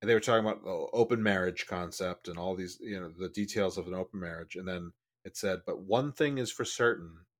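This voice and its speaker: A man's voice: deep voice, fairly quick. A man co-hosting a podcast in casual chat, rambling and restarting his sentences, with sudden bursts of speed. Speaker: podcast co-host.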